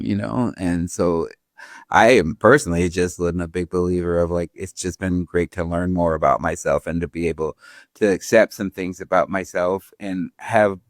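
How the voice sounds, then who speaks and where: A man's voice: low-pitched, dry recording, clean studio sound. A man in his forties talking in a laid-back, rambling way as an interview guest, often breaking into laughter. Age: 40s. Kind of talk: casual interview talk.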